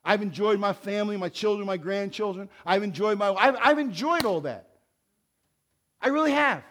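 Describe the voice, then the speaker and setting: Pastor in his sixties, high bright voice, preaches with emphatic swells and quiet asides. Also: sing-song, fairly quick. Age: 60s. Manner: emphatic preaching that drops to soft conversational asides. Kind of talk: sermon.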